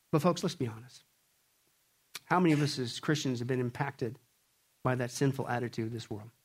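A man preaching a sermon with jokes, swinging from loud to hushed and acting out voices. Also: fairly high pitch. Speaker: pastor.

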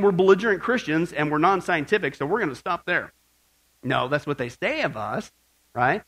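Man, high voice, preaching, emphatic, joking, rhetorical questions. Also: fairly bright tone, husky. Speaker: pastor. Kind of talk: sermon.

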